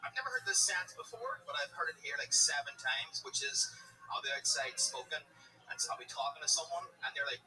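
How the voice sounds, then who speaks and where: Northern Irish young comic, dry deadpan crude banter, high voice, mic off a way with music under. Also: male voice, a little fast, recorded from a distance, rough recording. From Northern Ireland. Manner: dry, offhand crude jokes. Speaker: comedian. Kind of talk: casual banter on stage.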